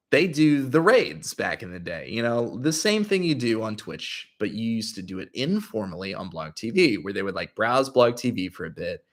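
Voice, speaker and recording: Young man telling a story casually. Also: lowish voice. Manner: animated, full of filler "like"s. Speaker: YouTuber.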